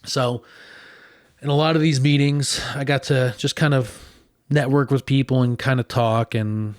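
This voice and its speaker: A man's voice: mid-range voice, steady tone, measured pace, no room sound, clean studio sound. A man from northern New Jersey, a podcast host telling a story in a casual, chatty way full of fillers and raised mimicking voices.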